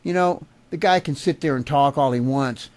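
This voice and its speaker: A man's voice: medium pitch, moderate pace, darkish tone. A man delivering an angry, profane political rant to camera, agitated and furious. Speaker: vlogger.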